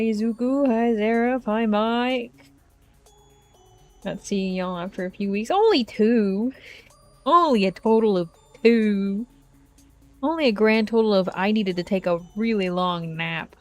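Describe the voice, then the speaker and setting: A woman streamer talks casually into a desk mic, rambling from one thought to the next and throwing in exasperated outbursts. Her voice sits at an ordinary middle pitch for a woman. Faint game music plays quietly underneath. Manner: rambling, chatty, with bursts of exasperated exclamation. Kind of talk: casual live-stream chat. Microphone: desk microphone.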